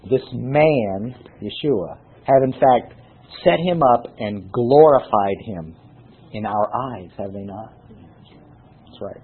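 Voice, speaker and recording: Hoarse-voiced preacher man, lively and tinny. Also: mid-range voice. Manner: animated, rhetorical questions to the congregation. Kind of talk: sermon Bible teaching. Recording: tinny phone-like sound.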